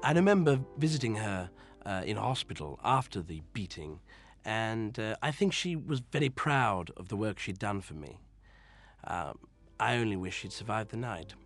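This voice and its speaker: An actor playing a vain, pompous older male film director, answering with deadpan self-importance in a mock-documentary interview. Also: lowish voice, normal speed, soft background music.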